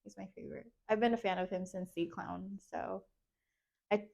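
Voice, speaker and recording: A young woman, co-hosting a casual podcast chat and telling stories in an animated, giggly way with quoted dialogue. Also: medium pitch, moderate pace, creaky. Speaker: podcast co-host.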